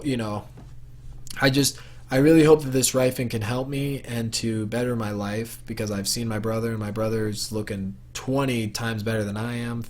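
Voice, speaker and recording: A young man telling a personal story to camera for his vlog in a casual, rambling way, full of fillers and restarts. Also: lowish voice. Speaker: vlogger.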